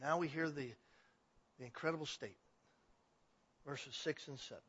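A man preaching a sermon in an animated way, swinging between loud emphasis and quiet passages. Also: a little high, normal speed, slightly rough. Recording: dull lo-fi recording.

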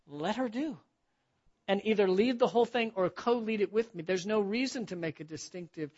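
A man's voice: high voice, a little fast, darkish tone. A middle-aged man preaching to men in a church, telling self-deprecating stories with easy humor. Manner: self-deprecating storytelling with frequent laughs. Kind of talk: sermon to a men's gathering. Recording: dull lo-fi recording.

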